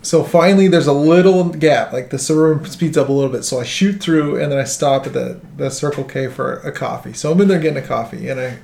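A man telling a profane, animated story in casual chat, quoting the people in it. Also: a little high, fast, vocal fry, hardly any pauses. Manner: animated, profane anecdote-telling with quoted dialogue. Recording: roomy room echo.

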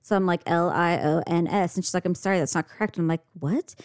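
A woman's voice: fast, clean tone, no echo, clean studio sound. A woman co-hosting a casual chat, telling stories and acting out quoted voices. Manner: animated, acts out quotes in high voices. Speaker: podcast co-host.

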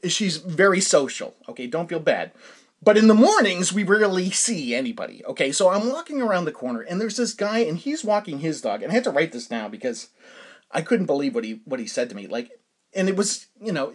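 Guy on a podcast rambling thru a story, fairly high voice that jumps all over, keeps laughing. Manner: animated, laughs often, lots of fillers and restarts. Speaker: podcast host. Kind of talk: casual storytelling chat.

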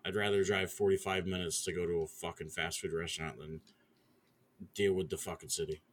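A man's voice: sits low, fairly even intonation, fairly quick, slight background noise. A man in casual chat, making short, grumbling remarks. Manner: curt, grumbling asides.

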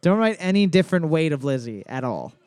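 A man's voice: on the high side, very animated, a little fast, a little mellow, clear, resonant tone, no room sound. A man hosting a music quiz, playful and joking, now and then singing a line. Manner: playful, joking, often breaks into song lines. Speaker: quiz host.

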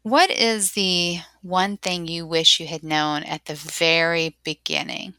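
A woman's voice: lowish voice, fairly even intonation, slow, sharp tone, clear, resonant tone, dry recording. A woman hosting an interview, asking questions and responding with encouragement. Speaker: interview host.

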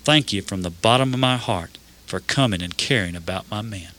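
A man voicing a stern but caring prison captain with a Georgian accent, speaking firmly and slowly. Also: fairly low pitch, bright, forceful tone.

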